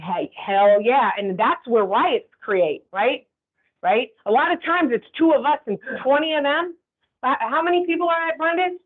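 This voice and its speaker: A woman's voice: high-pitched, animated, moderate pace. A woman instructor giving a conversational training lecture, often checking in with the class. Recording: tinny phone-like sound.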